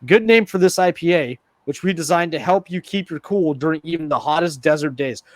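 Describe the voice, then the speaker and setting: A man hosting a relaxed podcast chat with a slightly raised voice. He jokes around and laughs a lot, and his voice sits close and dry with no room echo. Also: on the high side, fairly quick. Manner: joking, laughs often. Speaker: podcast host.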